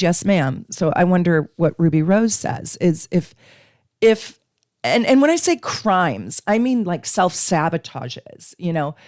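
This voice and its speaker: Woman, live-stream astrology teacher, casual and chatty, lowish voice, dry close sound. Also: darkish tone, no room sound. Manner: chatty, reads viewer comments aloud, frequent ums. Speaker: astrologer hosting a live chart reading.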